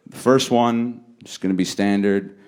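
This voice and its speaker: A man doing a stand-up set on a comedy stage, talking in a laid-back way and jumping high and loud when he acts out other people. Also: steady tone, unhurried, noisy background. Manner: laid-back delivery, jumps high and loud for acted quotes. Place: comedy stage before a laughing audience.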